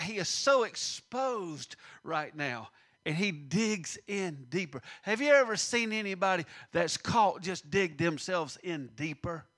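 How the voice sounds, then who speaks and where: A preacher man with a bright, forceful voice that sits a little high for a man. He preaches a sermon with animation, acting out the scripture voices and sinking to a near-whisper at times. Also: animated, slow, long pauses.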